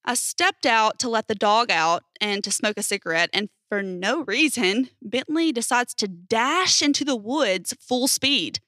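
Bright-voiced woman reading stories. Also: fairly high pitch, animated, unhurried, few pauses, dry recording. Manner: casual storytelling with emphatic swearing. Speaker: narrator reading posts.

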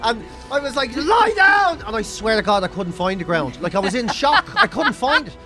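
A man, a comedian and podcast host, telling a funny story with lots of swearing and loud re-enacted shouts. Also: high voice, big pitch swings, a little fast, soft background music. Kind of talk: comic storytelling.

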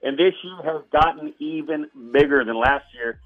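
A man calls in by phone and speaks as a booming, hyped-up rodeo showman. His voice sits a little high, and the line sounds dull and lo-fi with faint music behind it. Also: moderate pace. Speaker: rodeo announcer guest. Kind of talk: phone interview.

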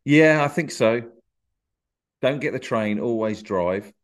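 A man's voice: medium pitch, lively intonation, slow. A man guesting on a podcast, talking shyly with dry, self-deprecating humour. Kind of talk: casual podcast interview.

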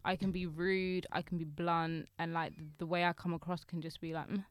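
A woman's voice: fairly low pitch, flat delivery, moderate pace, smooth, dry recording. A woman co-hosting a casual podcast, talking candidly and rambling a little. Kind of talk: casual chat.

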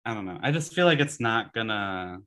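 Bright-voiced easygoing male co-host. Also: lowish voice, animated, brisk. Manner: easygoing, hedging with "I don't know". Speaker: podcast co-host. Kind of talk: casual chat.

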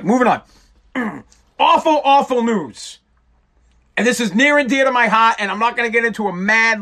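A man's voice: high-pitched, fairly bright tone. A man hosting a casual live-stream talk show, rambling and joking with frequent swearing. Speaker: show host.

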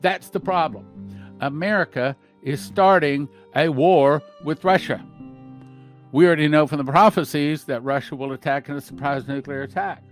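A man's voice: on the high side, normal speed, soft background music. A man hosting a podcast, reading news and scripture aloud and commenting on it with emphatic, repeated points. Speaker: podcast host.

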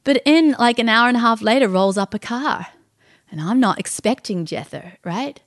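A woman telling an emotional personal story on a podcast, animated, with her voice climbing high when she quotes others. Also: moderate pace, no room sound, clean studio sound.

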